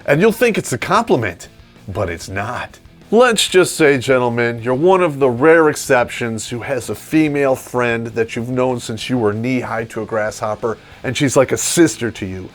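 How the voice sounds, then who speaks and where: Male vlog host, crude sarcastic rant with laughing asides, animated pitch, music bed. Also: moderate pace. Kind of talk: ranting comedic monologue.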